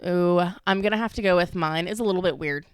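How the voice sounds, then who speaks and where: Chatty young woman with a smooth voice. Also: on the low side, fast talker, no echo, clean studio sound. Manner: rambling, heavy use of "like", laughs often. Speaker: podcast co-host. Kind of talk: casual chat.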